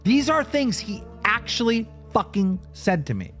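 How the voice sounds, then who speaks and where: A man recounts a tense phone call in a profane, emphatic way, his pitch sitting fairly high and leaping around with every point. Faint music plays beneath his voice. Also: big pitch swings, measured pace, a bit bright. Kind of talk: heated storytelling on a talk show.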